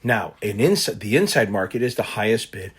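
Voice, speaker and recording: A man tutoring for a finance exam, explaining concepts through an animated, loosely told personal story with the odd swear word. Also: on the low side, moderate pace, slightly rough. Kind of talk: casual lesson told through a personal anecdote.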